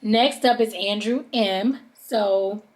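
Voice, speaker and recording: A woman hosting a podcast, recapping a TV episode in a casual, gossipy chat and calling her listeners "honey.". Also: slow pace. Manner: chatty, drawls "honey" and "child", mimics people in high voices. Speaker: podcast host.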